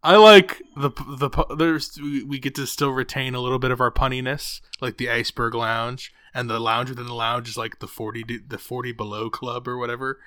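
A man co-hosting a casual podcast chat, rambling and correcting himself as he talks, animated when telling stories. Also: medium pitch, brisk, hardly any pauses, dry recording, clean studio sound. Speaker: podcast co-host.

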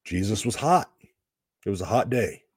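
A man's voice: fairly low pitch, lively intonation, normal speed, breathy edge, no room sound, studio quality. A man teaching a Bible passage verse by verse, explaining the background in a conversational way with casual asides.

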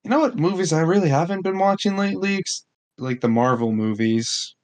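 A man's voice: fairly high pitch, expressive, darkish tone, a little hiss or hum. A young man co-hosting a podcast, chatting casually and slangily, stretching out his remarks. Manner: laid-back, slangy, drawn-out remarks. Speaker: podcast co-host. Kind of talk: casual chat.

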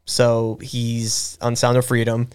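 A man's voice: medium pitch, completely flat delivery, slow, clean tone. Rambling man retelling a movie. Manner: rambling, stop-start retelling with frequent restarts. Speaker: podcast host. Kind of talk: casual chat.

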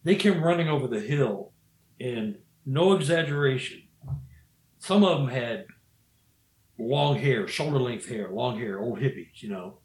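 A man's voice: medium pitch, expressive, a little slow, darkish tone. A man telling a story in a casual, rambling way, often restarting his sentences and saying "you know.". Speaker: guest storyteller. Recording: roomy echo.

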